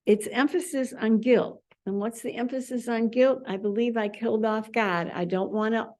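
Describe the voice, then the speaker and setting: A woman leading a spiritual study class, talking in an animated way and repeating words as sound effects. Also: a little high, moderate pace. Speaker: class leader.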